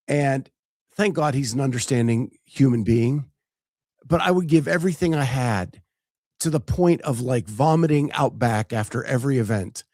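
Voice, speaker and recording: A man in a casual host chat, rambling through his stories with lots of ums and restarts. His voice sits at an everyday middle pitch. The sound is close and dry, with no room around it. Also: a little mellow, no room sound. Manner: chatty and storytelling, many fillers and restarts. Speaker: podcast host.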